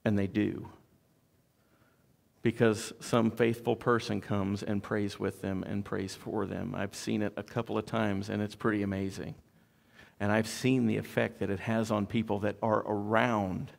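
Gravelly-voiced male pastor preaching. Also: medium pitch, animated, normal speed. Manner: conversational, storytelling with joking asides. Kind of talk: sermon.

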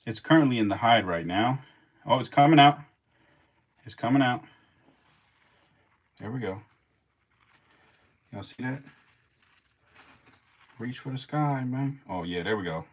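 A man's voice: medium pitch, animated, measured pace, pauses often, breathy edge. A man filming his snakes as they feed, laughing, swearing and talking straight to the animals in a casual vlog.

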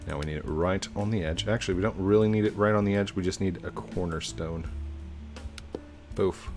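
A man's voice: low voice, a little fast, a little mellow, soft background music. A man giving casual let's-play commentary, chatting playfully to himself and his viewers as he plays. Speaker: YouTube gamer.

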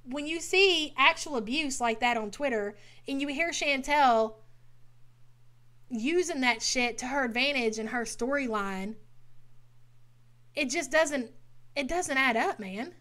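Brief: woman reaction host, blunt and exasperated, a touch high-pitched. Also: a little slow, pauses often, fairly bright tone. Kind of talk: casual commentary.

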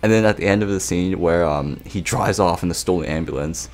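A man's voice: low voice, a little fast. A young man giving a casual anime episode review, rambling, laughing and swearing as he retells scenes.

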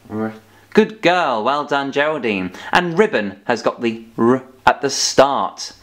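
A man's voice: on the high side, a bit bright. A man teaching a children's phonics lesson, playful and coaxing as he drills letter sounds.

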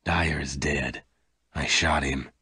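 A man voicing Lassiter, a gruff older gunman, speaking low, quiet and gentle. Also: steady tone, takes it slowly, no echo, studio quality, exaggerated voice. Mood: grave.

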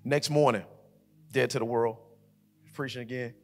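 A man preaching a sermon as co-pastor, telling a family story with lively acted voices before building to shouted emphasis. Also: mid-range voice, normal speed. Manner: animated, acts out his daughter's voice, builds to shouting. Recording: live church hall reverb with music.

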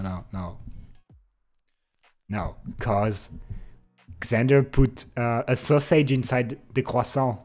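A streamer who speaks natively, chatting casually and playfully with viewers, laughing and repeating words. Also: mid-range voice. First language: French. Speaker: live streamer.

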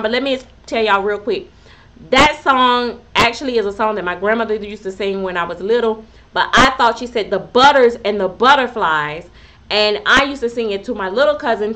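Woman, live stream host, high bright voice, chatty, laughs a lot. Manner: chatty, laughs often, reads out viewer names. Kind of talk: casual live stream chat.

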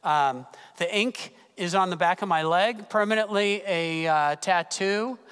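Male pastor, high voice, animated storytelling sermon, long church reverb. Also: unhurried, smooth. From California. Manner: animated, personal storytelling with gasps and fillers. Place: church sanctuary.

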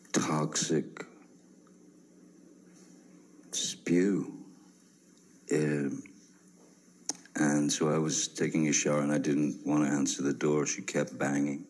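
A man in his fifties giving courtroom testimony, halting with many pauses and restarts. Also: extremely low pitch, poor audio.

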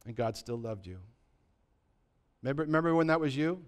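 A man's voice: on the high side, moderate pace, clean tone. A pastor preaching a sermon, asking his congregation rhetorical questions and telling a story with acted-out dialogue. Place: church.

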